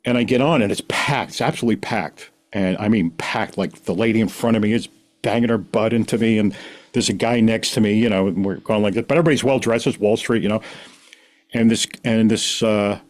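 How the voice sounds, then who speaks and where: Middle-aged male guest, lowish voice, animated rambling storyteller with lots of restarts. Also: fairly quick. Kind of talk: casual storytelling.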